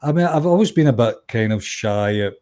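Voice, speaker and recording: A man's voice: mid-range voice, fairly quick. A Scottish man in middle age talks as a guest musician, spinning a story with plenty of false starts. He slips into the voices of the people he quotes, his voice sitting in an everyday middle register. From Scotland. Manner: animated anecdote-telling, acts out quoted voices, frequent restarts. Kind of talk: conversational storytelling.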